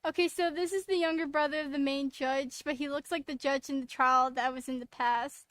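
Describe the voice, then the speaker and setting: A woman's voice: sits high, steady tone, fairly quick, a bit bright, no echo. A woman streaming a game, making giggly, rambling side comments between lines. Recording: game music playing under the voice.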